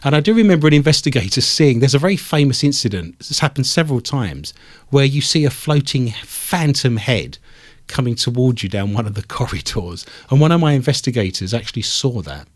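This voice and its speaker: A man's voice: medium pitch, sing-song, fairly quick, no echo. Dry-witted man hosting radio. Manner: dry, joking, rambling anecdotes. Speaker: radio show host. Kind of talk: casual radio banter. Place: radio studio.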